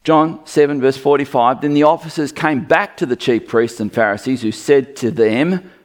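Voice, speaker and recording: A man's voice: medium pitch, moderate pace. A man preaching a Bible sermon in a conversational way, acting out quoted lines. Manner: lively, conversational, acts out quotes.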